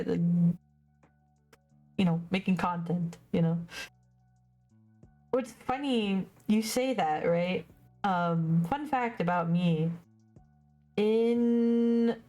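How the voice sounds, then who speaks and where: A woman's voice: medium pitch, takes it slowly, pauses often, dark tone. A young woman streaming as she paints, chatting in a rambling way and often stumbling over her words. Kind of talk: casual livestream chat while painting. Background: faint music.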